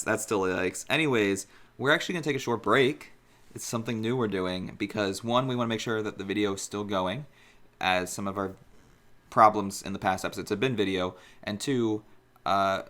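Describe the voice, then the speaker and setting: A young man in his twenties co-hosts a casual podcast. He talks in a low voice and rambles in a loose, chatty way. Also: a bit bright. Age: 20s. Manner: chatty, rambling, self-conscious. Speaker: podcast co-host. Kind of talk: casual chat.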